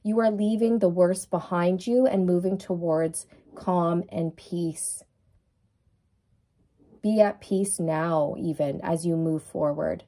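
Brief: woman tarot reader with a low, warm voice, gently affirming and repeating her reassurances. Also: slow. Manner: soothing, affirming, repetitive. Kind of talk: tarot card reading to viewers.

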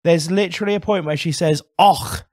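A man's voice: medium pitch, lively intonation, normal speed, dry recording, clean studio sound. A man co-hosting a casual podcast, articulate and literary, sliding into heated, swearing rants. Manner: heated ranting with frequent swearing; articulate, literary turns of phrase. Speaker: podcast co-host.

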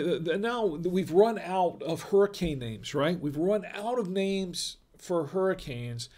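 A man's voice: on the high side, a little slow, few pauses, darkish tone. A middle-aged man from North Carolina hosting a casual livestream, rambling and chatty with many fillers and restarts. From North Carolina, USA. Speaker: host.

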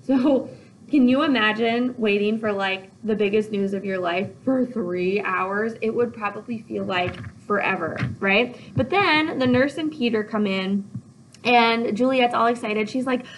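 Chatty, animated woman teacher. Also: a little high, normal speed, a little hiss or hum, poor audio. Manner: chatty, animated, with many "like"s and "okay?"s. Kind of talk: casual video lesson.

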